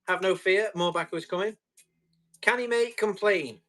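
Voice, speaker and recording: A man's voice: high-pitched, moderate pace, fairly bright tone. A man running a live tool auction, chatty and jokey with viewers. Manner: chatty, jokey salesman patter.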